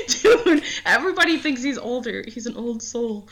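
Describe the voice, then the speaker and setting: Young woman co-host, bright voice, giggly and rambling, casual chat. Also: a little high, expressive, normal speed. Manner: giggly, rambling, laughs often. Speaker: podcast co-host.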